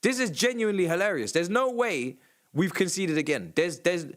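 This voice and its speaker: A man with a high voice reacts live to a football match on his stream, sarcastic one moment and shouting in disbelief the next. He swears freely and keeps repeating his complaints about the refereeing. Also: lively intonation, normal speed.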